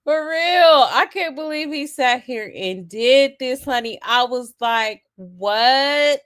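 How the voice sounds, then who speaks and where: Slow, sassy woman gossip host. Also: high voice, lively intonation, a bit bright, smooth. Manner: sassy, exasperated, full of asides; reads out viewer comments with laughs. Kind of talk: casual gossip commentary.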